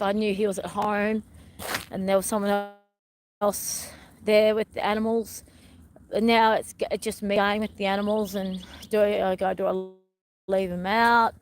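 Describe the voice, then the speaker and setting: Middle-aged woman, live-stream vlogger, chatty and meandering, mid-pitched voice, faint noise behind. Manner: chatty and meandering, often addresses viewers as everyone. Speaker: wellness vlogger. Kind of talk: rambling live-stream chat.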